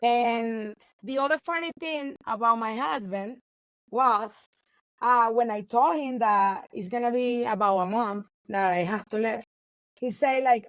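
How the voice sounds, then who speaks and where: A woman, a baker chatting in an interview, animated and laughing often. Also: fairly high pitch, unhurried, dry recording, rough recording. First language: Spanish. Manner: animated, laughs often, non-native grammar. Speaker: baker and guest. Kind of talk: casual interview chat.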